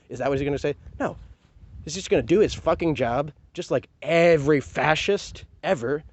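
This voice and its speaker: A man's voice: a little high, moderate pace. Angry profane man ranting to camera. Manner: profane, heated and sarcastic, with many rhetorical questions. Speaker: vlogger. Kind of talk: angry personal rant to camera.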